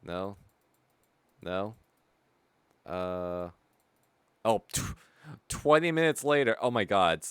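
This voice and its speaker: A man's voice: on the low side, expressive, slow, long pauses, a bit bright, clean tone, no echo. A man streaming a video game live, commenting playfully, swearing now and then and greeting chat.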